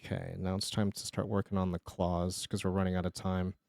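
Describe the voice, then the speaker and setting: A man streaming live, chatting casually and joking as he reacts, laughing often and breaking into excited bursts. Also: deep voice, fairly quick, vocal fry, dry recording, clean studio sound. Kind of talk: casual live-stream commentary while drawing.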